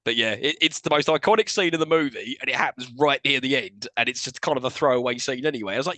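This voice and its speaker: A man co-hosting a film podcast in animated, incredulous casual chat, laughing often. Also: mid-range voice, quick pace, few pauses, no echo. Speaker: podcast co-host.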